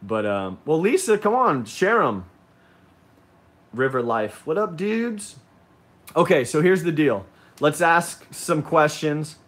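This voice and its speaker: A man's voice: a little high, big pitch swings, slow pace, fairly bright tone. A man hosting a casual livestream, reading viewer comments and rambling with frequent ums and restarts. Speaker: livestream host.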